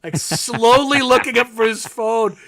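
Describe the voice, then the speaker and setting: A man's voice: very high voice, unhurried, pushed and bright. A man in his thirties, co-hosting a casual sports talk show, telling stories with many fillers and restarts. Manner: rambling, filler-heavy storytelling. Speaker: co-host.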